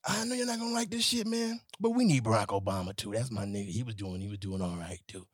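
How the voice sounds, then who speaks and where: A man who works as a nightlife promoter delivers an animated, exasperated and profane comedic rant. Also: on the low side, quick pace, few pauses, husky, no echo, clean studio sound.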